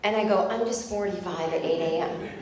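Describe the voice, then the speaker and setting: A woman's voice: fairly low pitch, fairly quick, very noisy. A woman in her forties from the United States doing a rambling, self-deprecating stand-up set on a club stage. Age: 40s. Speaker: stand-up comedian. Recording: very echoey live club recording. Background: audience laughter.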